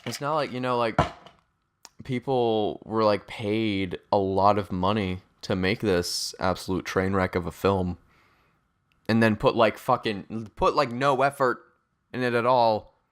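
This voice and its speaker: A man's voice: lowish voice, fairly even intonation, unhurried, no echo, clean studio sound. A young man reviewing a movie in a sarcastic, exasperated rant, swearing often. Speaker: video reviewer.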